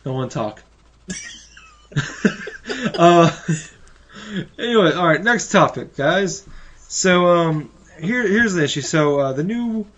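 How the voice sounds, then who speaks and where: A man's voice: a little high, expressive, takes it slowly, pauses often, a bit bright. A man hosting a casual gaming podcast, laid-back while steering to the next topic. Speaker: podcast host. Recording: dull lo-fi sound.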